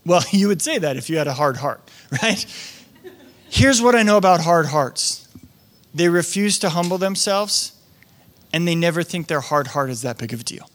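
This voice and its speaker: Lively high-voiced male pastor preaching. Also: moderate pace. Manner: conversational, acts out quoted voices. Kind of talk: sermon.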